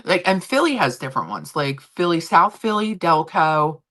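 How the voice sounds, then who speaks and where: A middle-aged woman with a Philadelphia accent from Kensington speaks at a moderate pace in a lowish, expressive, sharp-toned voice. Hosting her own vlog, she rambles in casual chat and talks to her pets mid-stream.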